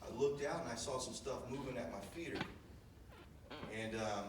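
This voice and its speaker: A man's voice: medium pitch, normal speed. A man telling a rambling, folksy hunting story at a memorial service, with many fillers. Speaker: son giving a memorial eulogy. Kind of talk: storytelling eulogy. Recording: echoey room from far off, noisy.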